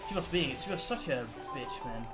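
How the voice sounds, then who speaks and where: A young man venting in a casual, profane rant on his game stream, swinging from loud outbursts to low muttering. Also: lively intonation, moderate pace, loud music behind the voice.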